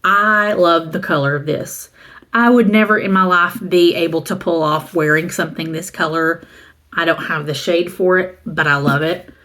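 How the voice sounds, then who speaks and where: A woman's voice: lowish voice, steady tone, moderate pace, a bit bright. A middle-aged woman from the American South, chatting casually and rambling as she shows a used book haul and reads the titles aloud. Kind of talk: casual chat.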